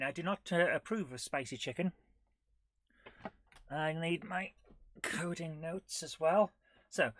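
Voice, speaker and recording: A woman's voice: on the low side, a bit bright, no room sound. Giggly woman streaming live. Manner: chatty, giggly, reads text aloud playfully. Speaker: retro gaming streamer. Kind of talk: live-stream coding chat.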